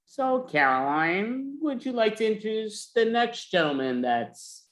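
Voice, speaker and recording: An upbeat man hosts an online comedy show over a video call. His voice sits somewhat high as he thanks performers and brings on the next act. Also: sing-song, measured pace, fairly bright tone. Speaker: show host.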